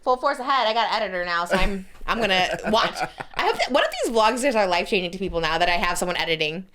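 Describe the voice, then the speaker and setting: An American woman in her thirties hosting a podcast, chatting casually in a gushing, excitable, self-mocking way. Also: medium pitch, quick pace, background noise. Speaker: podcast host. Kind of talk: casual chat.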